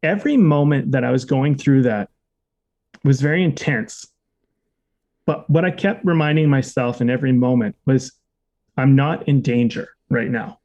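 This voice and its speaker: A man on a podcast telling a personal story in a relaxed, casual way, full of "like" fillers and the odd swear word. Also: mid-range voice, normal speed, dull audio. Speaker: podcast co-host.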